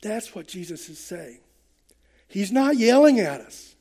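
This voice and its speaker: A man's voice: sits high, sing-song, unhurried, a little mellow. An older man preaching a sermon to his congregation in church, earnest and conversational, with hesitant fillers. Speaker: pastor.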